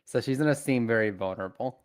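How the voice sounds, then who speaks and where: Brief: joking player, casual and blunt, ordinary pitch. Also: male voice, fast talker, clean tone. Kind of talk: casual role-play chat.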